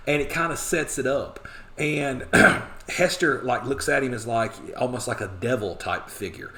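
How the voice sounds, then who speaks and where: A man's voice: medium pitch, sharp tone. Casual male teacher retelling a story. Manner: conversational, acts out quotes in quick voices. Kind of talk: casual lecture retelling a novel.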